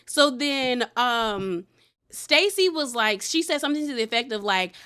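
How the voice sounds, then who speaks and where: A woman's voice: on the high side, lively intonation, unhurried, pushed and bright, smooth. A woman giving a casual, sassy recap of a reality TV episode, retelling the scenes in quoted voices and laughing now and then.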